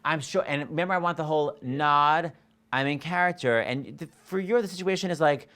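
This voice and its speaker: A man coaching a singer in a master class, animated and jokey, acting out lines and scatting melodies. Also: fairly high pitch, fairly quick, clean tone. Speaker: vocal coach. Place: studio or rehearsal room.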